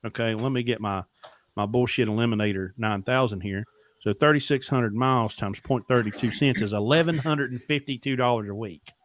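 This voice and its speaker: A man's voice: mid-range voice, a little fast. Blunt, profane man telling stories. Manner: blunt, profane, acts out dialogue. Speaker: podcast guest, truck driver. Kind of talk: casual storytelling interview.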